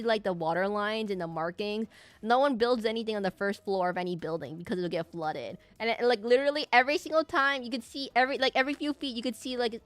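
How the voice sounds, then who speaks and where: A woman's voice: medium pitch, fairly bright tone, no echo. A young woman streamer chatting casually with her live audience, rambling with many fillers, restarts and laughs.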